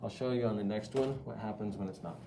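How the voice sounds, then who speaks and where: Teaching pottery at the wheel, a middle-aged man speaks fast in a lowish, gravelly voice, chatting his students through every step of the live demonstration. There's background noise.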